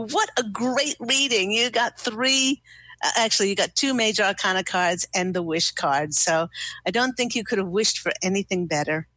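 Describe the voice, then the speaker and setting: A woman hosting a talk radio show, giving a spiritual card reading to a caller in a slow, gushing, soothing way. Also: lowish voice, a bit bright, no echo. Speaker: radio host and angel card reader.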